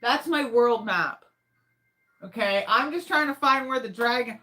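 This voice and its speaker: A woman's voice: a little high, measured pace, sharp tone. A woman chatting casually while playing a video game, rambling, swearing often and talking to herself as she plays. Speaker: gaming streamer.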